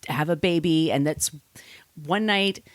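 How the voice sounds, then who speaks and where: A woman's voice: deep voice, unhurried, no room sound. A woman co-hosting a casual podcast, retelling a plot and slipping into the characters' lines as she goes. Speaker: podcast co-host. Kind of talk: casual chat.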